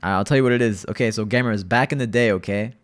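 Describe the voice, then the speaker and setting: A man's voice: fairly low pitch, fast. A young man streaming a game with his viewers, chatting loosely, repeating himself and calling everyone "bro". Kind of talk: casual live-stream gaming chat.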